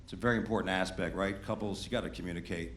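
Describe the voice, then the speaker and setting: A man's voice: deep voice, steady tone, very fast. A middle-aged man from Queens doing brash, conversational stand-up on a comedy club stage into a handheld mic. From Queens, New York. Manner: brash, conversational, teasing the crowd. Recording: roomy club sound with ambient noise.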